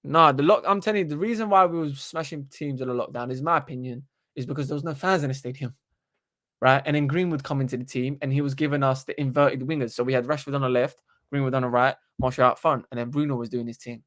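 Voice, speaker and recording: A young man, hosting a casual live stream into a desktop microphone and talking in an animated, slangy, sweary way. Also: medium pitch, fast. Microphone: desktop USB microphone.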